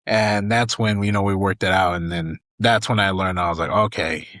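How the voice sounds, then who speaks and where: Animated storytelling man, dry close sound. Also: sits low, moderate pace, dry recording. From Southern California. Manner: animated, profane, acts out quoted lines. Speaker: guest actor and comedian. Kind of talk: casual podcast storytelling.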